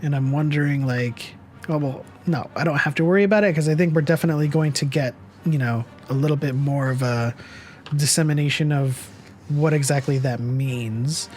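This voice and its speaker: Hesitant man thinking out loud. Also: a little high, moderate pace, slight background noise. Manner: musing, hesitant, thinking aloud. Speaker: podcast co-host. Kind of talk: casual chat.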